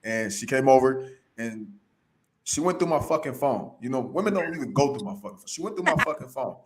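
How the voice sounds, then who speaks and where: Fast-talking blunt profane man. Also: mid-range voice. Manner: blunt, profane, animated storytelling. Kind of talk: casual podcast debate.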